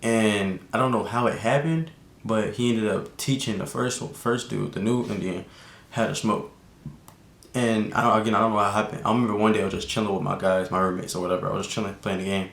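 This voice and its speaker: A man's voice: fairly low pitch, steady tone, fairly quick, vocal fry, a bit bright, reverberant. A young man vlogger telling a casual storytime, rambling and laid-back, full of slang and restarts. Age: young adult.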